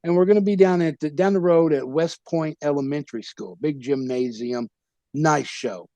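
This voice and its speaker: A man, a wrestler guest telling animated stories in casual talk, acting out quoted voices and swearing freely. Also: on the high side, moderate pace, dry recording. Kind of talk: casual storytelling interview.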